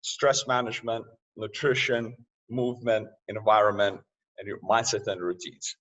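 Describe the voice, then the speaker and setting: A man speaking as a podcast guest in casual interview talk, loose and quick to laugh, often restarting his sentences. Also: on the low side, level tone, a bit bright. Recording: distant, muffled remote audio.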